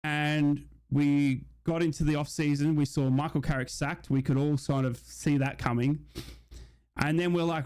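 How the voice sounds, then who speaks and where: A young man hosting a live football watch-along, chatting casually and reading out viewer shout-outs. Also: fairly high pitch, steady tone, normal speed, clear, resonant tone. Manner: chatty, reads out chat messages and shout-outs. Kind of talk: casual live-stream chat and mock commentary.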